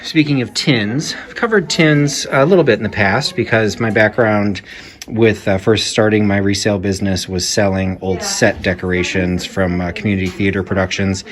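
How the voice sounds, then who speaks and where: An antique reseller vlogger walks through an antique shop in a Victorian house, chatting about the items and using lots of fillers. His voice is on the low side and steady, at normal speed.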